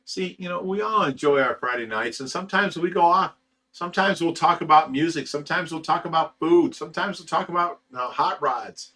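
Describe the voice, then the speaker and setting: A laid-back man from the United States hosts a relaxed livestream, chatting with viewers in a bright, forceful voice. He chuckles a lot and rambles with plenty of "you know" fillers, keeping things casual. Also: fairly high pitch, brisk. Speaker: livestream host reading chat. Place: fish rescue facility.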